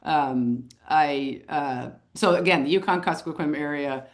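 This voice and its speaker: A woman with a fairly low voice who tells her story in a lively, animated way. She is middle-aged and speaks as an interview guest, chuckling now and then as she talks. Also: a little slow. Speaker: photographer and author, interview guest.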